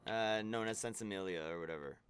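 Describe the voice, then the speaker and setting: A man's voice: lowish voice, a little fast, slight background noise. A man streaming a video game, chatting casually and rambling with many restarts and fillers. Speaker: streamer co-host. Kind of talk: casual chat while gaming.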